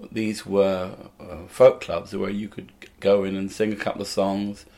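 A man's voice: low voice, little pitch movement, normal speed, gravelly, warm tone, slight background noise. An older man from England, a comedian and musician, telling rambling anecdotes in a casual interview.

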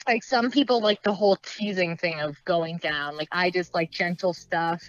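A woman's voice: on the low side, normal speed, dry recording, dull audio, faint music behind. A woman talking openly in a casual podcast chat, laughing often and acting out little quoted asides. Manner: frank, giggly, lots of fillers and acted asides.

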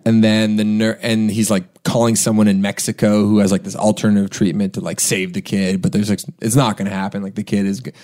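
A man's voice: lowish voice, level tone, fairly quick, few pauses, darkish tone. Laid-back, self-mocking male co-host from Canada. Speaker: podcast co-host and producer. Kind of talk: casual chat.

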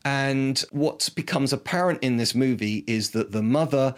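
A man's voice: mid-range voice, normal speed. Give me an enthusiastic man reviewing films in a casual, rambling way. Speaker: film reviewer. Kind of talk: casual film talk.

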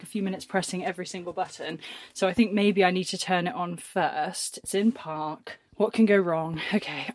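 A young woman chatting casually in a farm vlog, nervous and quick to laugh, talking from a tractor cab. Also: lowish voice, a little hiss or hum. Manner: chatty, nervous, laughs often, exclaims a lot. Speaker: farm vlogger. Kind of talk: casual vlog talk to camera.

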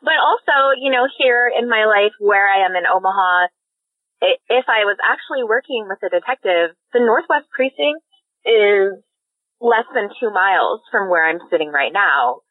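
A woman of middle pitch chats about a book, agreeable and quick to giggle. Her voice sounds dry and close, squeezed through a narrow phone-like band. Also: lively intonation, no room sound. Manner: agreeable, giggly, lots of mm-hmms. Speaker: podcast co-host. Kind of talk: casual book discussion.

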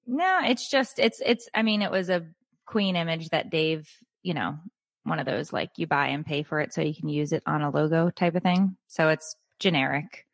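A woman's voice: low-pitched, moderate pace, creaky, no echo. A middle-aged woman co-hosting a podcast, telling a story animatedly and acting out what people said. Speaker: podcast co-host. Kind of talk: casual storytelling chat.

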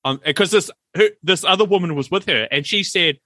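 Bright-voiced New man telling stories. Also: fairly high pitch, fairly quick, hardly any pauses, dry recording. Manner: animated storyteller, acts out quoted voices. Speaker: podcast co-host. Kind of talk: casual chat.

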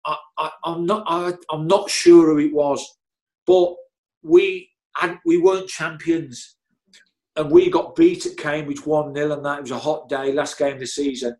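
A former footballer and physio telling stories in an animated, chatty way, repeating himself and laughing often. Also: male voice, on the high side, moderate pace. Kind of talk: casual storytelling interview.

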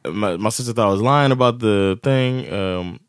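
Low-voiced guy on a podcast, tells stories animated, laughs a lot, dry close mic. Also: moderate pace, clean tone, no room sound. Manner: animated, laughing storyteller who acts out quotes. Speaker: podcast co-host. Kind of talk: casual chat, storytelling.

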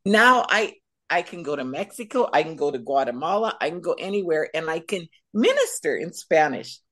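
A middle-aged woman, a guest speaker, sharing her personal faith testimony as an animated storyteller. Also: low-pitched, normal speed.

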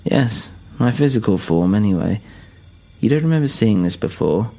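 Guy doing an old croaky scientist voice thru a speaker, low and husky, slow, talks in riddles. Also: animated, dark tone. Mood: cryptic.

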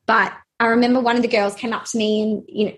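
Young woman, slightly high voice, interviewee; halting, hesitant storytelling with lots of fillers. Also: flat delivery. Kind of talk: personal storytelling.

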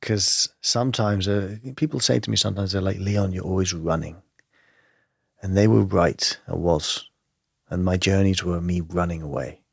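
A man's voice: deep voice, fairly even intonation, normal speed, vocal fry, husky, dry recording, studio quality. A man as an interview guest, speaking candidly and reflectively about hard times, with frequent laughs. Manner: reflective, earnest, laughs often.

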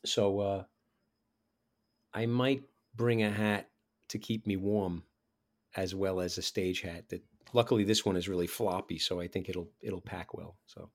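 A man's voice: deep voice, measured pace. Man with a New York borough accent. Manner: animated storyteller who mimics people he knew. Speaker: musician. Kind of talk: casual chat.

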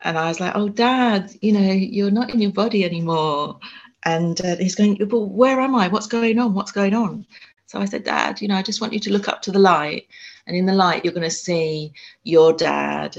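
A woman's voice: on the low side, lo-fi sound. A woman, an author and spiritual medium, telling her story in an interview, with frequent ums and restarts. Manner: halting, many restarts and ums.

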